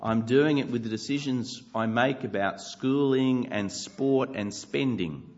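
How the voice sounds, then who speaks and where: Earnest preacher, conversational delivery, slightly dull lo-fi sound. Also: male voice, on the low side. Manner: earnest, conversational with light self-deprecating humor. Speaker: pastor. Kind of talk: sermon.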